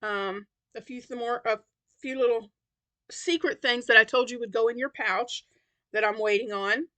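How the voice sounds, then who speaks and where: A tired-sounding Tennessee crochet vlogger rambles casually, full of fillers and restarts. Her sharp voice sits on the high side, with fairly even intonation and a moderate pace.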